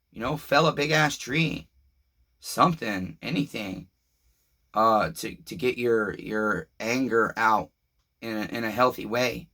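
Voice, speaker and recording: A man's voice: medium pitch, sharp tone. A man in pain, talking in a casual, confessional vlog, frustrated, profane and rambling. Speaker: vlogger.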